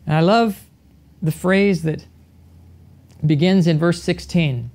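A pastor delivers a sermon at an even, unhurried pace. The speaker leans on rhetorical questions and repeats key phrases for emphasis. The voice sits in a middle pitch.

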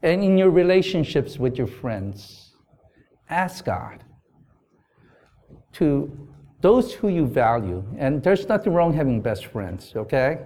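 A man's voice: on the high side, big pitch swings, takes it slowly, long pauses, warm tone. Earnest man preaching a sermon. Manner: earnest, conversational preaching with asides to the congregation; reads scripture aloud. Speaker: pastor.

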